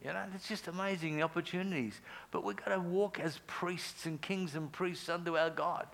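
A middle-aged man preaching a sermon, telling stories earnestly, with lively bursts and quiet, near-whispered prayers. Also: sits high, normal speed, gravelly. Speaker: pastor.

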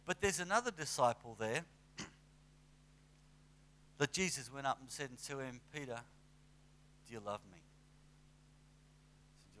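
Lively conversational male preacher. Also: medium pitch, measured pace, long pauses, a little hiss or hum. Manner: conversational, animated with acted asides. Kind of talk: sermon.

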